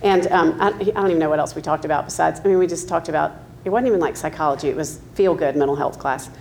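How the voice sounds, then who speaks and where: A woman's voice: low-pitched, quick pace, creaky, darkish tone, a little hiss or hum. Candid Southern woman in her fifties. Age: 50s. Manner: candid storytelling with frequent ums and laughs. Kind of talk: personal testimony.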